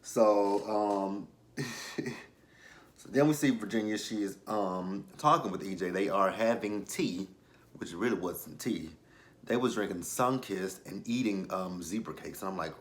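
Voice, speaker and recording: A man's voice: fairly low pitch, unhurried. A man hosting his own channel and recapping a TV episode in loose, profane slang, with lots of fillers and laughs. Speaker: TV episode reviewer, channel host.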